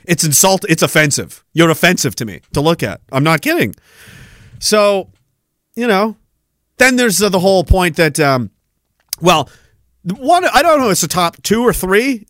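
Male podcast host, profane mocking ranter, bright sharp voice, dry close sound. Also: sits high, big pitch swings, normal speed, no room sound. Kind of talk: ranting commentary.

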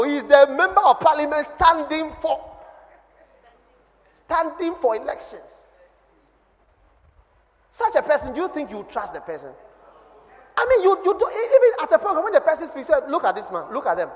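A man with a Ghanaian accent preaching a sermon as a pastor, his voice dropping low and then swelling loud. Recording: long hall reverb.

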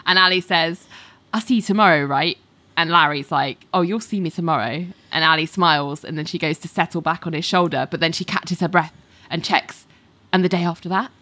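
A woman with a lowish voice, recorded dry and close, talking through a TV episode scene by scene. She tells it casually and acts out the characters' lines as she goes. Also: brisk, pushed and bright, dry recording. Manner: recounts scenes in detail, acts out quotes, laughs often. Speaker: podcast co-host recapping a TV episode. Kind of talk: casual chat.

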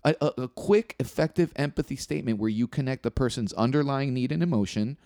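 A man's voice: medium pitch, fast, mellow, no echo, studio quality. A man in casual conversation, earnestly explaining things step by step. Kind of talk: casual chat.

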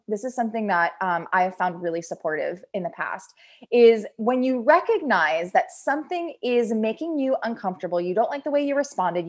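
Animated woman giving a motivational talk. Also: fairly high pitch. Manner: animated, acts out quoted self-talk. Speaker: podcast host, personal development. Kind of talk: casual motivational monologue.

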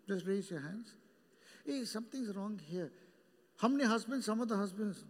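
A male pastor preaching a sermon, animated and joking with the congregation by name. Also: sits high, normal speed, big-room sound. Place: church hall.

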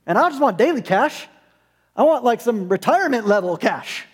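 A man's voice: very high voice, big pitch swings, a little fast, husky. A man preaching as a pastor in a sermon, conversational with humorous asides, in a church sanctuary. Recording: long hall reverb.

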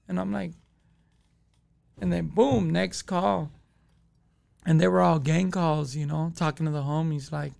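A man's voice: a little high, fairly even intonation, a little slow, gravelly, long pauses, a little mellow. A man, telling a story as a podcast guest in profane street slang. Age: 20s. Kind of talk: casual storytelling.

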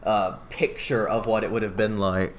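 A man's voice: on the low side, level tone, moderate pace, slight background noise. A man co-hosting a podcast, talking eagerly and rambling with many fillers and restarts. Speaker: podcast co-host. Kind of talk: casual podcast discussion.

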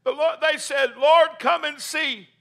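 High bright-voiced preacher. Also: male voice, steady tone, a little slow, gravelly. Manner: reads scripture then builds to loud, fervent preaching; calls for congregation responses and says amen. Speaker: pastor. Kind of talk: sermon.

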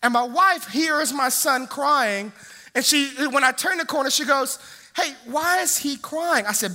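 A young man preaches with a high, ringing voice and a sharp, forceful edge. He tells family stories with animated energy and acts out the voices of the people in them, then turns to his message. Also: a little slow. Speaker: pastor. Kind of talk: sermon with personal stories.

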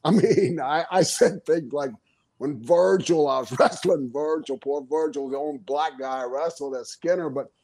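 Older man telling lively stories. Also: a little high, normal speed. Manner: animated, laughs through his stories, acts out quotes. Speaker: guest, former pro wrestler. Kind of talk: casual interview storytelling.

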